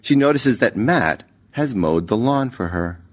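A man narrating a short story in a measured, even reading. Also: mid-range voice, husky. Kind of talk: scripted narration.

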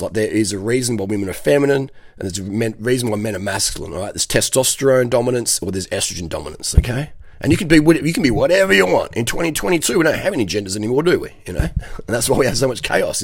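Husky, blunt man giving dating advice. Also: on the low side, dry recording. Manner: rambling, swears freely, keeps checking in with "okay?". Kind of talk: blunt profane monologue.

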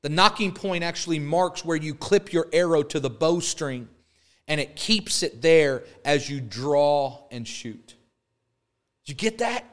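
Emphatic preaching man, slightly high voice. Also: expressive, a little slow. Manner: preaching with rising emphatic repetition; holds up an arrow as a prop. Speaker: pastor. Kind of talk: sermon.

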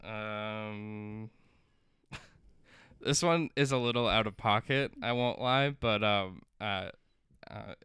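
A man's voice: fairly low pitch, slow, long pauses, bright, forceful tone, smooth, no echo, clean studio sound. A young man co-hosting a podcast, chatting casually and hesitating with lots of fillers. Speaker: podcast co-host. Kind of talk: casual chat.

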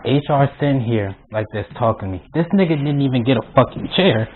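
A young man telling a work story on his channel, blunt and animated, swearing constantly. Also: medium pitch, fast talker, a little hiss or hum. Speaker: vlogger. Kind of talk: profane storytime rant. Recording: tinny lo-fi phone-like sound.

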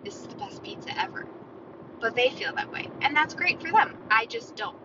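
Alone on her podcast, a woman chats casually and rambles to herself from inside a moving car. Her fairly high voice has lively intonation and a moderate pace, but the recording is muffled and loud road noise comes through.

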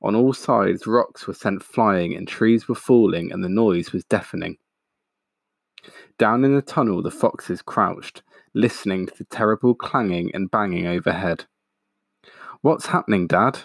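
A man reading a picture book aloud in a steady, expressive way, pointing out the pictures. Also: low-pitched, a little slow, vocal fry, dry recording, clean studio sound. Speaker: storyteller.

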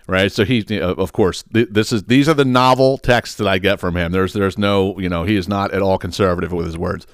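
A man hosting a podcast, telling a long casual story in a rambling, animated way, laughing often and swearing freely. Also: fairly low pitch, quick pace, hardly any pauses, dry recording, clean studio sound. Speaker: podcast host.

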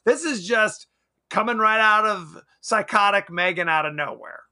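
A man's voice: high voice, normal speed. A man co-hosting a podcast, chatting casually about a movie, laughing often and acting out lines of dialogue. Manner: animated, laughs often, acts out quotes. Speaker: podcast co-host. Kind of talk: casual movie review chat.

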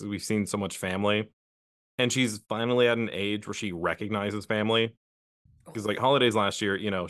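A man chatting casually as a podcast co-host, telling stories in a relaxed way with many fillers. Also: fairly low pitch, no room sound, studio quality. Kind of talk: casual chat.

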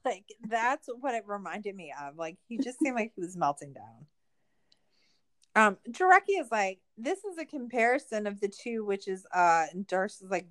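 A woman's voice: medium pitch, smooth. Chatty woman recapping a show. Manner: chatty, says "like" constantly, acts out quotes. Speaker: podcast co-host. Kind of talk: casual recap chat.

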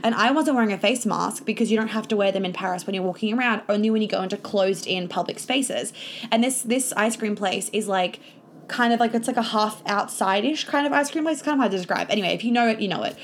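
A woman's voice: mid-range voice, fast talker, slight background noise. A young woman telling a personal story in a casual confessional vlog, chatty and swearing freely. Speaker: vlogger and coach.

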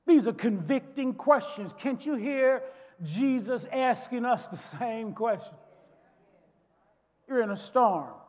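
A pastor preaching with a high voice and unhurried delivery, rising from soft to shouting. His sermon rings through a large church with long reverb. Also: animated. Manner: dramatic, swings from soft to shouting.

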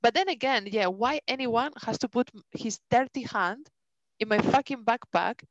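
A woman's voice: fairly high pitch, normal speed, no room sound. Lady telling a story on a podcast, swears a lot, acts out the voices, dull dry lo-fi sound. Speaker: podcast co-host. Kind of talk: casual storytelling chat.

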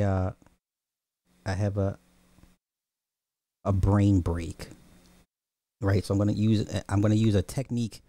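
A man hosting a podcast in casual livestream commentary, animated and slangy, talking straight to his viewers. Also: lowish voice, no echo. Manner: animated, slangy, addresses the chat directly. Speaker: podcast host.

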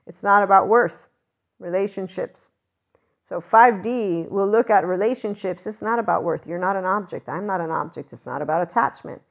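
A woman's voice: medium pitch, normal speed, gravelly. A woman giving a blunt, passionate spiritual monologue in a casual, unscripted way, swearing freely. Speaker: spiritual commentator.

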